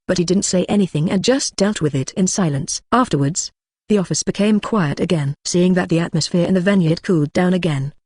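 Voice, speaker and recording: A text-to-speech style audiobook narrator reading fan fiction in an even, machine-like way, reading punctuation marks aloud. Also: medium pitch, no room sound.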